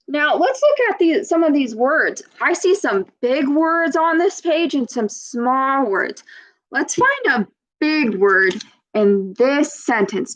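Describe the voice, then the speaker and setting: A woman's voice: sits high, sing-song, takes it slowly. A woman reading a picture book aloud to children, patiently asking them questions as she teaches. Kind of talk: storybook read-aloud with teaching.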